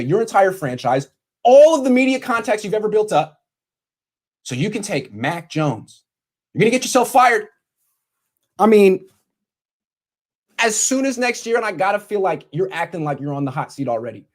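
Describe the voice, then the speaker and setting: Sarcastic male vlogger, scolding and mocking, lively swinging pitch, bedroom setup. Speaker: sports commentator. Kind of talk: sarcastic vlog rant.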